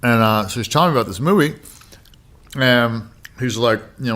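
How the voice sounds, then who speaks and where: A man's voice: mid-range voice, moderate pace, long pauses, fairly bright tone. A man telling a story as a podcast guest in a casual, loose way, with constant filler words and plenty of swearing.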